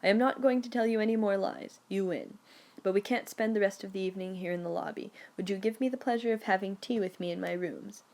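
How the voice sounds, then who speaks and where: A woman voicing a small, poised aristocratic Russian lady in her forties, speaking softly with amused charm. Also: mid-range voice, fast talker, close to an everyday voice.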